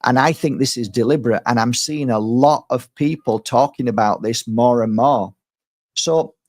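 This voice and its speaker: A middle-aged man who works as a spiritual healer talks to his viewers in a loose, rambling way. He often circles back, repeating words and restarting his sentences. His voice sits at an ordinary, middle pitch for a man. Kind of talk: casual spiritual talk to viewers.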